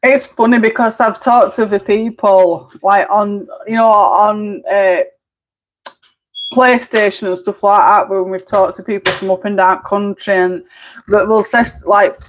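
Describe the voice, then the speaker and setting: A woman's voice: medium pitch, fairly even intonation, measured pace, low-quality recording. A chatty woman with a broad Barnsley Yorkshire accent talks casually to her live-stream viewers from home. She is blunt and down to earth, drops in mild swearing, and laughs easily. Her voice sits in a mid range. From Barnsley, England. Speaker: colouring livestreamer.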